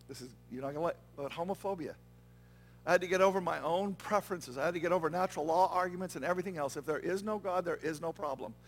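A man with a noticeably high voice delivers a sermon in an earnest, conversational way. He often stops to check in with his listeners, asking if they follow along before going on. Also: fast talker. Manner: earnest, conversational preaching with frequent "okay?" and "right?" check-ins. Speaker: pastor. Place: church.

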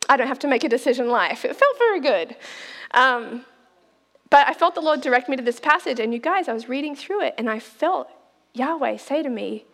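A woman preaching a sermon in an animated, chatty way, laughing often and talking straight to the congregation. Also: sits high, in a large hall. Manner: animated, laughs often, addresses listeners as "you guys".

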